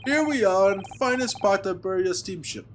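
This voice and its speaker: A man voicing a gruff, hostile male sailor with a fake Russian accent, speaking blunt broken English over a noisy recording. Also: high voice, lively intonation, normal speed, voice pushed up. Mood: boastful. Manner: broken English with dropped articles, blunt and proud.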